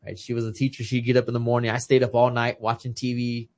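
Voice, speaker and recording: A man's voice: medium pitch, completely flat delivery, fast. Man in his 30s, emotional storyteller. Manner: emotional storytelling, acting out quoted dialogue. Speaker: guest, retired boxer. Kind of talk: casual podcast conversation.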